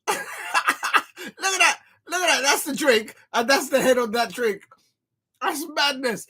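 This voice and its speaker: An excitable man hosts a live football watch-along, his voice bright and forceful. He jumps from playful jokes to loud, despairing outbursts. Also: extremely high pitch, measured pace, pauses often, husky. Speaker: football fan channel host.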